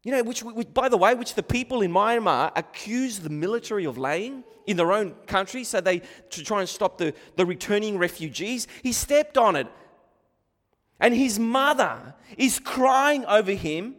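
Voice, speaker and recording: A man's voice: sits high, lively intonation, normal speed, a bit bright. An Australian man preaching a sermon, earnest and emphatic, often repeating words as he restarts a thought. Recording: long hall reverb.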